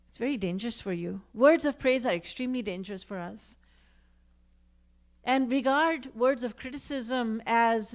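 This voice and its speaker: A woman giving a devotional discourse, reciting verses and acting out quoted speech with expression. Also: a little high. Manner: recites Sanskrit and Hindi verses. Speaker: spiritual teacher.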